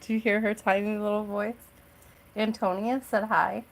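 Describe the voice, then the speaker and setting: A woman's voice: medium pitch, level tone, moderate pace, a little hiss or hum. A middle-aged woman hosting a live tarot stream from home, chatting casually and reassuringly and often checking in with "right?".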